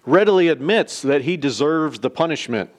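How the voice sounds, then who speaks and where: A man voicing a calm, steadfast male defense attorney in a courtroom parable. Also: on the high side, normal speed, lightly acted. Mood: solemn.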